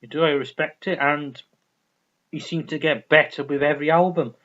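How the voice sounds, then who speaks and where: A vinyl collector vlogger keeps a steady tone at a moderate pace, his voice fairly high and fairly bright. Chatting casually about his records, he rambles with enthusiasm and repeats himself often, recorded in dull lo-fi.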